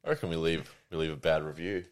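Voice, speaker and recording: A man's voice: a bass voice, fairly even intonation, quick pace. A man co-hosting a podcast in casual chat, playful and mock-indignant. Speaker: podcast co-host.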